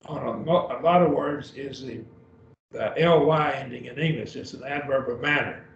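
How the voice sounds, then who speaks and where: A man teaching a beginner Greek class over a video call, speaking patiently and repeating each word. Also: mid-range voice. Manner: slow, patient, repeats words. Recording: dull, roomy, distant with faint hiss.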